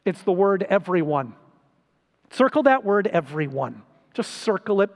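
Slow high-voiced male pastor preaching. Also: big pitch swings, big-room sound. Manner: slow, deliberate preaching with sudden rises for emphasis. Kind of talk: sermon.

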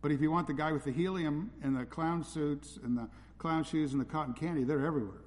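A man's voice: fairly high pitch, fairly quick. A man preaching a sermon as a pastor, blunt and direct in his delivery. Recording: reverberant hall.

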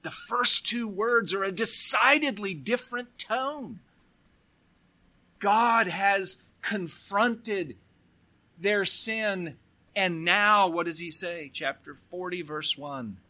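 A male pastor delivering a sermon at an unhurried pace. His voice sits high and rings very bright and forceful, and he slows down to press on key words as he reads scripture aloud. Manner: preaching slowly, reading scripture aloud with emphasis.

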